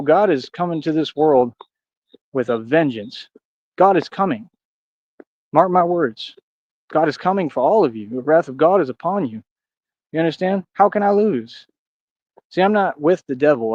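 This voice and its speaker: A man's voice: a little high, a little mellow, no room sound, highs cut off. A man ranting casually on a livestream, rambling and aggrieved, slipping into preachy declarations. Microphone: streaming mic.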